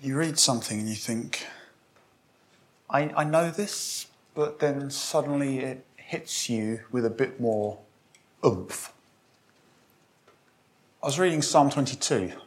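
A man's voice: medium pitch, takes it slowly, pauses often. A man preaching a sermon, speaking conversationally to a congregation and reading scripture aloud with emphasis. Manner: conversational with restarts and direct questions to congregation.

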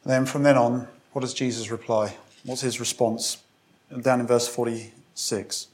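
A man delivering a sermon at a middle pitch, conversational and reflective. He asks the congregation questions and reads scripture aloud with emphasis. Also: little pitch movement, unhurried, a little mellow. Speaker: preacher.

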